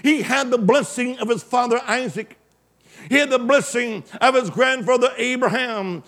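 A male preacher delivering an emphatic call-and-response sermon, swinging from loud exclamations to hushed asides. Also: very high-pitched, normal speed.

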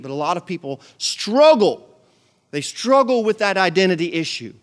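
A man's voice: high voice, sing-song, moderate pace. Emphatic male pastor preaching. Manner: emphatic preaching with repeated phrases and big swings in volume. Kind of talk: sermon.

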